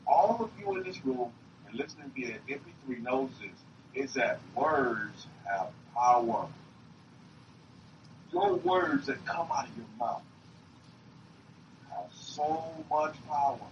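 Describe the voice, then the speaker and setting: A man preaching a sermon to a room, emphatic and repetitive, swinging up and down in pitch. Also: lively intonation, slow pace, pauses often. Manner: emphatic, repeats himself, rises and drops in pitch. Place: meeting room. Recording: roomy, distant, dull lo-fi recording with faint hiss.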